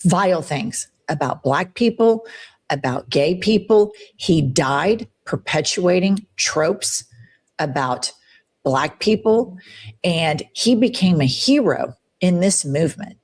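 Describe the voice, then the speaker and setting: Husky lady host going off on politics, swoopy voice, kinda low, swears a lot. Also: expressive, slow pace. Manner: impassioned, profane, swooping emphasis. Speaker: show host. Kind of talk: heated political commentary.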